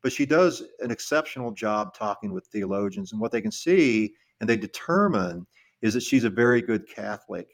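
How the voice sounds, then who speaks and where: A middle-aged man with a lowish voice co-hosts a podcast. He tells the story conversationally, often stopping, restarting and repeating words as he gathers his thoughts. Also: animated, moderate pace. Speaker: podcast co-host.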